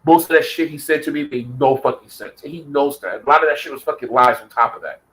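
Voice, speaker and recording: A man on a long, heated vlog rant, swearing at every turn and hammering his points home. He talks at a middling pitch in a loose, conversational way. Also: fast talker, a bit bright, slight background noise, poor audio. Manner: heated, profane, repetitive. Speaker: vlogger. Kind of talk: profane rant.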